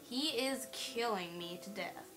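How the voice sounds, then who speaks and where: A woman's voice: mid-range voice, measured pace, low-quality recording. A woman doing let's play commentary on a horror game at her computer, playful, teasing and giggly. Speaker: gamer playing a horror game. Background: faint game music.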